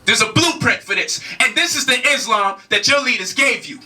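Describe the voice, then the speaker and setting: A man's voice: very high-pitched, lively intonation, moderate pace, sharp tone, recorded from a distance. A man giving a heated spoken lecture, emphatic, with repeated rhetorical questions and casual slang. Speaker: speaker challenging a debate opponent.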